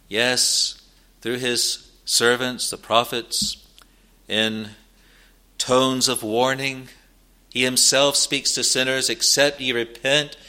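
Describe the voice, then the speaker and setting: A man preaching a sermon, slow and earnest, building to emphatic rises and pausing between phrases. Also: medium pitch, pushed and bright.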